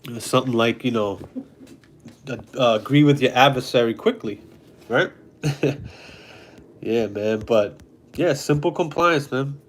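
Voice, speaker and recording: A man's voice: medium pitch, unhurried, pauses often. Profane, blunt New man ranting. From New York City. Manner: blunt, profane, animated storytelling. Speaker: host. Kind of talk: casual storytelling monologue.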